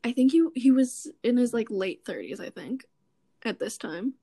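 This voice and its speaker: A woman's voice: on the high side, expressive, normal speed, mellow, slightly rough. A woman co-hosting a podcast in casual chat, giggly and cautious, often hedging. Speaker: podcast co-host.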